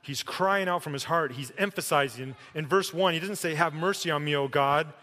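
A man's voice: fairly high pitch, moderate pace. Emphatic man preaching in a reverberant hall. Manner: emphatic, shifts from loud to hushed. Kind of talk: sermon.

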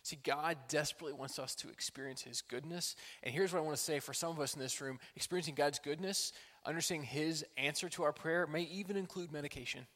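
Earnest pastor preaching in a reverberant hall. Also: male voice, fairly high pitch, fast, few pauses. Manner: earnest, swings from loud pleading to quiet and intimate. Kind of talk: sermon. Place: church hall.

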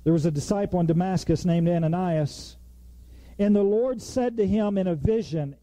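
A man's voice: high voice, moderate pace, no room sound. A man preaching a sermon in a conversational way, now and then acting out the people in the text. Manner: conversational, animated, acts out quoted lines.

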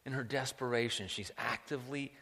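A man preaching a sermon in an animated way, asking rhetorical questions and often repeating words. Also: medium pitch, brisk, slightly rough. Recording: long hall reverb.

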